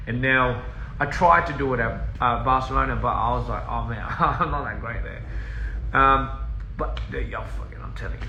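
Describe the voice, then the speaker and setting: Gravelly-voiced man rambling on a livestream. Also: medium pitch, sharp tone, muffled recording. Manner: rambling, easily sidetracked, laughs often. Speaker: touring musician on a livestream. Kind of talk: casual livestream chat. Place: inside a house. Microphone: phone. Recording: roomy echo with faint hiss.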